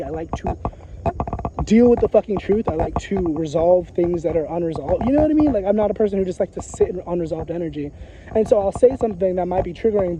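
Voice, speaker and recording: Casual vlogger, male, high voice, dull lo-fi audio, rambling and profane. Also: background noise. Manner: profane, repetitive, emphatic, frequent filler phrases. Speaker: psychic vlogger. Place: outdoors in a graveyard.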